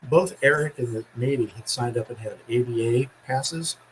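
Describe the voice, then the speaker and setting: A man's voice: moderate pace, slight background noise, rough recording. A middle-aged man chatting casually on a podcast, acting out other people's voices as he tells a story and laughing often. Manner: animated storyteller, acts out quoted voices with big pitch jumps, laughs often. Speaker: podcast co-host.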